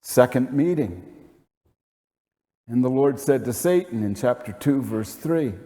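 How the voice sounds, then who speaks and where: A man's voice: mid-range voice, expressive, unhurried, warm tone. A man preaching a sermon as pastor, earnest and emphatic, asking rhetorical questions. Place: church sanctuary. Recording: long hall reverb.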